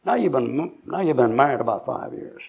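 A man's voice: mid-range voice, animated, brisk, gravelly, darkish tone, husky. An older man, preaching in church in a folksy, joking way, acting out little scenes. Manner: joking, acts out voices, laughs often. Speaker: pastor. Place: church sanctuary.

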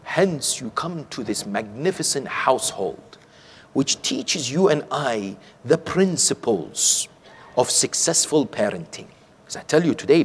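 A man's voice: mid-range voice, animated, normal speed, slightly rough. Man preaching in a reverberant hall. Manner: keeps asking the audience rhetorical questions. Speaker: sheikh preaching. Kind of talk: sermon. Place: community centre hall, from the pulpit.

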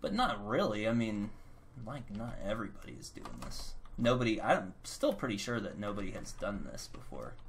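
A man's voice: lowish voice, huge pitch swings, normal speed, gravelly, a little hiss or hum. A man hosting a gameplay video, chatting casually in a rambling, self-mocking way while he plays at his computer. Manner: rambling, self-mocking, breaks into silly voices. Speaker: gaming channel host.

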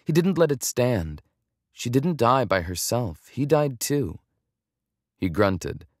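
A man reading a romance audiobook in a measured, even storytelling manner. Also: medium pitch, no echo, clean studio sound. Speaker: audiobook narrator. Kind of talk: scripted romance narration.

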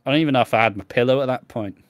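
Brief: young English male co-host, mid pitch, dry close mic, swears a lot, laughs through his stories. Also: very fast, no room sound. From England. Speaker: podcast co-host. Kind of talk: casual chat.

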